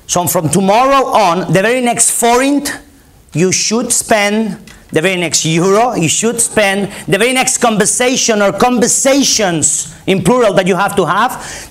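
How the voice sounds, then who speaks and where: Spanish-accented male keynote speaker, higher voice, emphatic and repetitive. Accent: Spanish, from Barcelona. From Spain. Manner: emphatic, repetitive, rallying the audience. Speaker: conference speaker. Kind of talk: conference keynote presentation. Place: conference hall.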